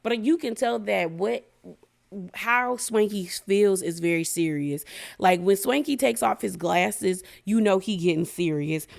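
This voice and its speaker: A woman's voice: mid-range voice, unhurried, vocal fry. A woman recapping a reality show in a casual, opinionated, slangy way, talking straight to her viewers. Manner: gossipy, opinionated, slangy, addresses viewers directly.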